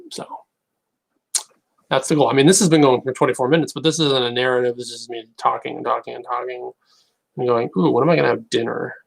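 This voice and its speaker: A man's voice: mid-range voice, level tone, brisk, gravelly, pauses often, poor audio. A man chatting casually to viewers on a live stream, rambling and hesitant with many restarts. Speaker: YouTuber.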